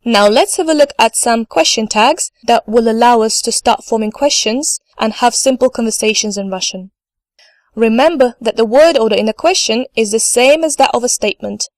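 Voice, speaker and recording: Her voice is a little high, with no room sound in the recording. She teaches a scripted online language lesson, pronouncing every word carefully twice and urging listeners to say it back.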